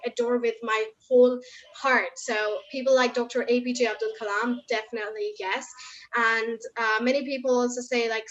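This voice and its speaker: A young woman from India answering questions candidly in an online session, her voice strained from long talking. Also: on the high side. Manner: candid, chatty, heavy use of fillers. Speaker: motivational speaker guest. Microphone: video call. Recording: slightly muffled video call audio.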